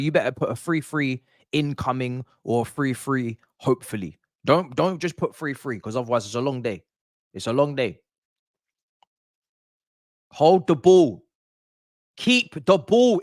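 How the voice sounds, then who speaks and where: A man's voice: medium pitch, expressive, normal speed, no echo, studio quality. A young man reacting live to a football match on stream, exasperated, swearing and ranting at the players. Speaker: watch-along streamer.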